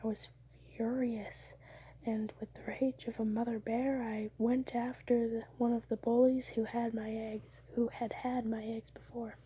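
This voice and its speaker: A young woman whispering close to the mic at home late at night, telling her dreams in a soft ASMR style and now and then breaking into laughs. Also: a little high, level tone, a little slow, husky. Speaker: ASMR creator.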